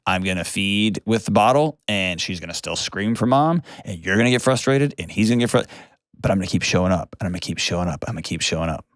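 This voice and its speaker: Blunt, low-voiced man. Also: lively intonation, fast, dry recording, studio quality. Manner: direct, blunt and plainspoken, repeating key phrases. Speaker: host. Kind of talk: advice show, talking with a caller.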